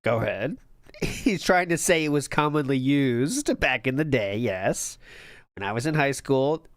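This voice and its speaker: A man giving sarcastic, deadpan commentary while reacting to a clip on a stream. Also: medium pitch, a little slow, no room sound, clean studio sound. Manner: sarcastic, deadpan asides, laughs often.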